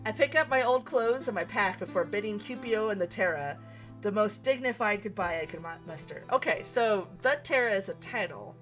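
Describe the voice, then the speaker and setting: A young woman streaming a visual novel, reading the text aloud and reacting with giggles and animated commentary. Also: medium pitch, brisk, soft background music.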